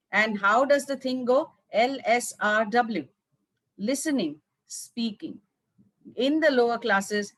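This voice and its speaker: A woman's voice: on the high side, a bit bright, dry recording. Emphatic Tamil-accented woman teacher trainer. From South India. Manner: emphatic, repeats words, acts out classroom dialogues.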